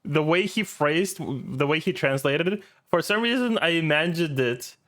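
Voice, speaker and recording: A man's voice: fairly high pitch, lively intonation, moderate pace, fairly bright tone. A man streaming and reacting to a video in casual, rambling commentary, swearing often and laughing easily.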